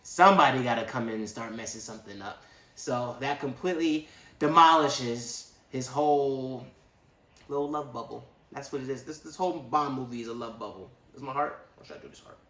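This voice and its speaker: A man giving a casual, rambling movie review with animated, slangy asides. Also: medium pitch, moderate pace, reverberant.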